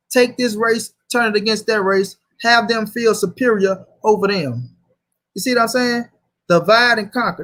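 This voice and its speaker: A man runs a casual livestream and argues hard. His voice sits fairly high, and he swears freely as he reads viewer comments aloud. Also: a bit bright, husky. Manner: heated, profane, reads chat aloud. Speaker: host.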